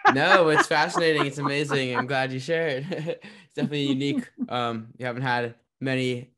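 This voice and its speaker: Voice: medium pitch, expressive, moderate pace, background noise. A podcast host giving short, encouraging responses and asking questions in a casual interview. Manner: brief encouraging replies.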